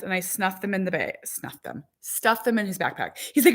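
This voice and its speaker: A woman in her forties, a vlogger and mother of four, chats casually with her live viewers, rambling and saying "like" a lot. Her voice sits at a medium pitch with lively intonation and a slightly fast pace.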